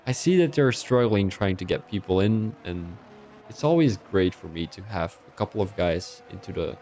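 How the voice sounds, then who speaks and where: A man's voice: low voice, lively intonation, normal speed, warm tone, a little hiss or hum. A young man from Belgium, giving chatty live-stream commentary on an online racing league and talking to his chat between calls.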